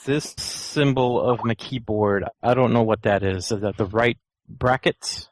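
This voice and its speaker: A man's voice: medium pitch, fairly even intonation, measured pace, dry recording. A man co-hosting a gaming podcast, talking in a laid-back, easygoing way. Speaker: podcast co-host. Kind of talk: casual chat.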